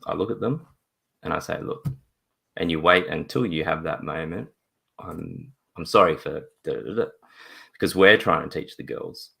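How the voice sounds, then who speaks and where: A man, a father, telling a story in a live video-call interview, laughing often and acting out voices. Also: pushed and bright. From Australia. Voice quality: deep gravelly voice. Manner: laughs often, acts out voices in his stories.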